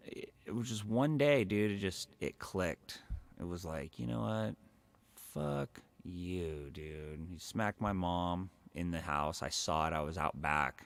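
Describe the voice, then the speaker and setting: Deep gravelly man, rambling and profane. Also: fairly bright tone. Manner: profane, rambling, heavy filler words. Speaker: livestreamer. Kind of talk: casual storytelling on a live stream.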